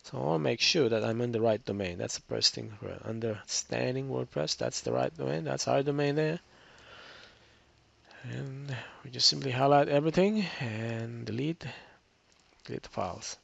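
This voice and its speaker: A man's voice: mid-range voice, moderate pace, gravelly, a bit bright, no room sound. A tired man with a cracking voice, casually walking through a computer tutorial with many restarts and fillers. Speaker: web tutorial instructor. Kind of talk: screen-recorded tutorial walkthrough. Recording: dull, lo-fi screencast audio.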